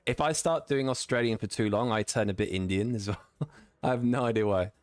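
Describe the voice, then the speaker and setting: Brisk and medium-pitched, a man from Britain with a British English accent talks in a dry recording while sim racing live. He reads the chat out loud, laughs easily, and keeps things casual.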